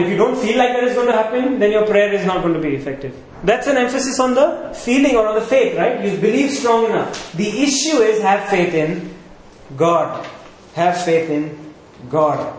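Preacher guy, high voice, lots of rhetorical questions, big echoey church, bit of hiss. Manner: rhetorical questions, emphatic repetition. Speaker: pastor. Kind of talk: sermon. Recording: echoey church hall with faint noise.

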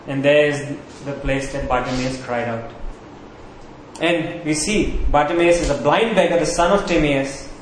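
A man preaching a sermon as pastor, emphatic, repeating key phrases and slowing down on them. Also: a little high, slight background noise. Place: church sanctuary. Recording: very echoey hall, faint ambience.

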